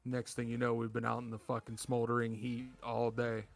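A man's voice: medium pitch, completely flat delivery, a little fast, creaky, faint music behind. A man co-hosting a podcast, telling party stories in casual chat with a laid-back, swearing manner. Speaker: podcast co-host.

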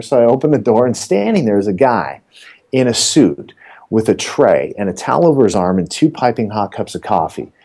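A middle-aged man with a low, mellow voice, guesting on an interview. He spins animated, joking stories with plenty of asides. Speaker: real estate coach, podcast guest. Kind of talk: casual storytelling interview.

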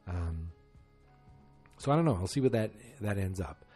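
A man's voice: deep voice, expressive, moderate pace, mellow, slightly rough, faint music behind. A man casually recapping a TV episode, rambling and correcting himself as he goes. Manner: rambling, self-correcting, many fillers.

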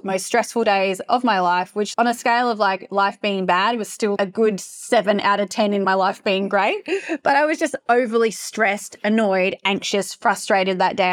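A young woman hosting a podcast, telling a story in a gushing, animated way and swearing freely. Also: mid-range voice. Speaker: podcast host. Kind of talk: casual storytelling.

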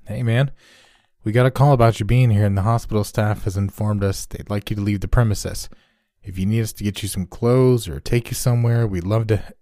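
A man's voice: lowish voice, steady tone, brisk, mellow, dry recording, studio quality, natural voice. A man voicing an easygoing young male patrol officer who talks casually and a little nervously.

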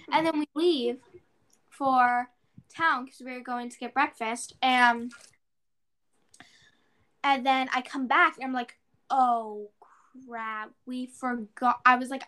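A teenage girl chatting on a podcast with a high, bright voice. She rambles through a story with plenty of "like"s and jumps into her own past exclamations as she tells it. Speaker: podcast co-host. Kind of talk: casual chat.

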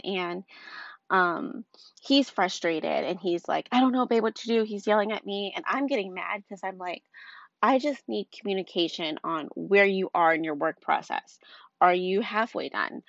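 A woman's voice: lowish voice, no room sound. A young woman telling a personal story in a casual, rambling way, full of fillers and asides. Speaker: vlogger. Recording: dull lo-fi recording, dry.

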